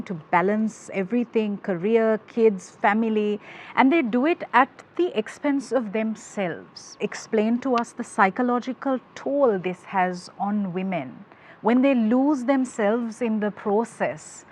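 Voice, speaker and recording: A woman from Sri Lanka hosting a talk show, asking a question in a measured, deliberate way. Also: mid-range voice, a little mellow, slight background noise, poor audio. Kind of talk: studio interview questioning.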